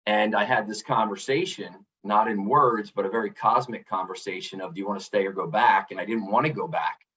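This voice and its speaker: A man's voice: on the low side, fairly quick, few pauses, fairly bright tone, recorded from a distance, highs cut off. A middle-aged man, a podcast guest, telling a personal story earnestly and reflectively, often restarting with "you know". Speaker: podcast guest, author and coach. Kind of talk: candid storytelling interview.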